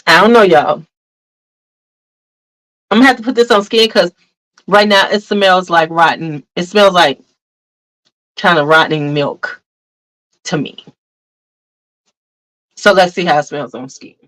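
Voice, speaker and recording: A woman's voice: lowish voice, measured pace, pauses often, a bit bright, low-quality recording. A woman talking casually to her viewers as she reviews perfume, blunt and frank, often calling them "y'all". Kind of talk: casual fragrance review vlog.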